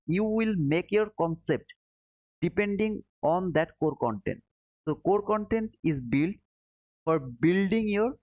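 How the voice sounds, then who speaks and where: A man with a non-native English accent talks casually on a live stream, patiently repeating his points and calling out viewers in chat. His mid-pitched voice is recorded close and dry, with slightly dull, muffled audio. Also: a little mellow, dry recording. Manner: explains slowly, repeats points, answers chat by name. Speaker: livestream trading host.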